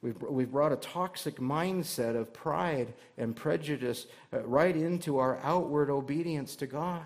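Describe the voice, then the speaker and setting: A man's voice: a little high, measured pace. Man preaching with rhetorical questions. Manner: conversational preaching with rhetorical questions and light humor. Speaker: pastor. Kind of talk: sermon.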